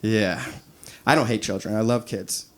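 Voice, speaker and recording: A man in his thirties performing a crude, animated stand-up comedy set on a club stage, acting out quoted voices. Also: lowish voice, normal speed. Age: 30s. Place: comedy club stage before a laughing audience.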